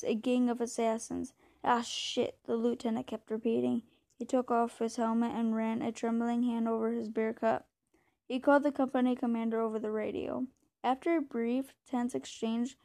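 Female reader for a war novel, steady, slightly high, mellow and flat. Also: rough recording. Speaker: book reader. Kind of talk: reading a war novel aloud.

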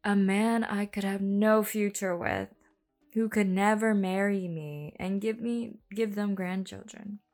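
Giggly woman reading a novel out loud, chatty asides, mid-pitch voice, soft music playing under her. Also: fairly even intonation, unhurried. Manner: giggly, breaks off to comment and laugh; drops to a whisper for hushed passages. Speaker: podcast host reading a novel aloud. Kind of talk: casual read-aloud with chatty asides.

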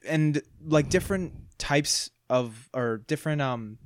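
A young man hosting a podcast in a relaxed, agreeable casual chat, sometimes searching for words. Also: fairly high pitch, a little slow, no echo, studio quality. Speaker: podcast host.

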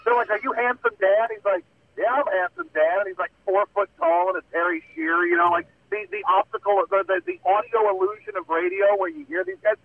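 A man's voice: high voice, animated, fast, hardly any pauses, no echo. A man calling in as a guest, chatting casually in a rambling, self-mocking way with lots of fillers. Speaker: radio host guest. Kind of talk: casual chat. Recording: tinny phone line.

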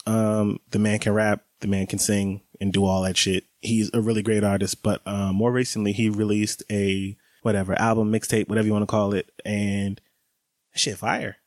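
Low-voiced young man, chatty and dry. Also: little pitch movement, moderate pace, a little mellow, no echo. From American South. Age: 20s. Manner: chatty, laughs while talking. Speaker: vlogger. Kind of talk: casual vlog monologue.

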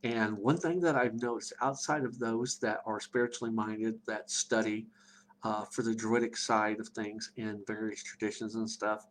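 A middle-aged man teaching a live online class on druidry, halting and rambling with many fillers. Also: fairly low pitch, steady tone, a little hiss or hum, poor audio.

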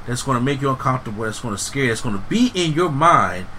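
A man chatting casually about horror movies, animated and emphatic, swearing freely. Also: medium pitch, fast talker, slight background noise, low-quality recording.

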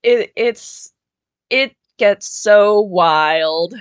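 A man hosting a podcast, rambling and animated in casual chat about a favorite TV show. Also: sits high, very slow, smooth, dry recording. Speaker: podcast host.

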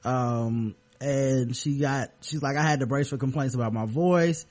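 A man co-hosting a podcast in loose, casual chat, clearing his throat now and then. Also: medium pitch, unhurried, darkish tone. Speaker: podcast co-host.

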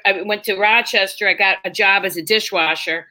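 A woman guest telling stories in a casual interview, animated and acting out quotes in different voices. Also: mid-range voice, normal speed.

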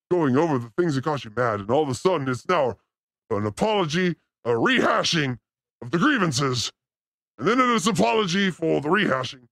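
A man's voice: dry recording, studio quality. A man hosting a show, delivering a rambling, joking comedic monologue. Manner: animated, joking, pitch swooping up and down. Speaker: host.

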